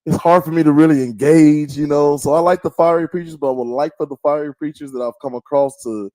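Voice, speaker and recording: A man's voice: fairly high pitch, steady tone, quick pace, mellow, no echo. A middle-aged man from the who hosts a podcast in a casual chatty way, telling stories and mimicking voices. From American South. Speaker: podcast host. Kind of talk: casual chat. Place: small podcast studio.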